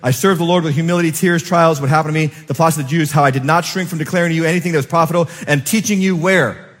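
A man preaching in a church sanctuary, his voice sitting a little high for a man. He swings from loud, emphatic peaks down to soft, low asides and keeps asking his congregation questions. A long hall reverb trails every line. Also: very fast. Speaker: pastor. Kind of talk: sermon.

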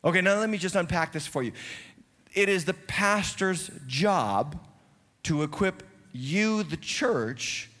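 A high-pitched, bright-toned man preaches from the pulpit, swinging from loud, emphatic bursts down to calm, quiet explaining. His voice carries a long, echoing reverb from the church hall around him. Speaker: pastor. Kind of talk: sermon. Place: church sanctuary.

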